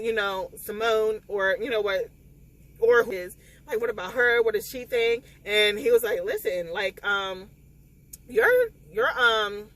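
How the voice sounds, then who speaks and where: Woman book vlogger, slightly high voice, emotional, tearful retelling. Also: low-quality recording. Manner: animated, emotional retelling with quoted dialogue. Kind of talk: casual spoiler recap vlog.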